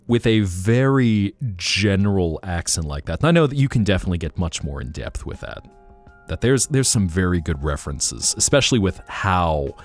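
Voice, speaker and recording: A man's voice: low voice, dry recording. A man hosting a casual late-night livestream, chatting playfully and dipping into accents as he talks. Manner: playful, slips into accent bits while musing. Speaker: livestream host.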